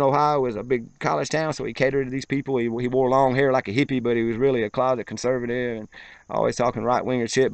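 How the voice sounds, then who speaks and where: Gravelly, rambling storyteller man. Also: mid-range voice, a bit bright, no echo. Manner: rambling, colloquial, profane. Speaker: vlogger. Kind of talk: casual storytelling. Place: outdoors, then moving inside as rain starts.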